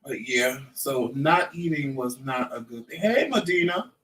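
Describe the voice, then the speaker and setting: A man's voice: medium pitch, measured pace. Man in his fifties telling a story from a distance. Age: 50s. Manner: animated storyteller who acts out quoted dialogue. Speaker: vlog host. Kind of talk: casual storytelling chat.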